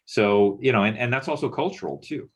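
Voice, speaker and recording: A man's voice: medium pitch, fairly quick, husky. A middle-aged man from Texas presenting in a panel discussion over a video call, musing aloud with lots of fillers. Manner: musing, loose with many fillers.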